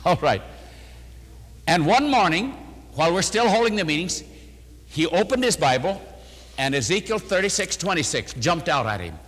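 An older man preaching and answering questions, telling stories with lively, animated delivery. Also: measured pace, long pauses, big-room sound. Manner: animated storytelling, voices quotes with rising pitch. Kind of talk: sermon.

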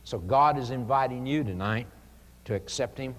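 A man preaching an evangelistic sermon, earnest and pleading, with dramatic pauses. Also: medium pitch. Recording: long hall reverb.

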